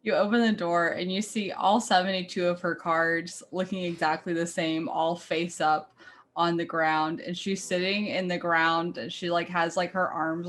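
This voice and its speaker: A woman playing a tabletop game, describing scenes chattily with lots of fillers. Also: on the low side.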